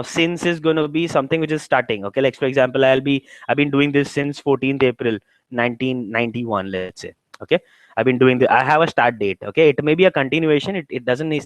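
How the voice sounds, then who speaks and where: A man's voice: mid-range voice, dry recording, rough recording. Indian man tutoring exam prep, dry sound. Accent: Indian English. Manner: explains step by step, rhetorical questions, frequent "okay". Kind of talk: classroom lecture.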